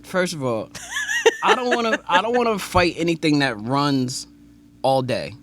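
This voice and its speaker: A man's voice: a little high, huge pitch swings, unhurried, a bit bright, slight background noise. Male podcast co-host, casual and jokey, swears a lot, laughs easily. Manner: joking, swears freely, laughs often. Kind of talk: casual chat.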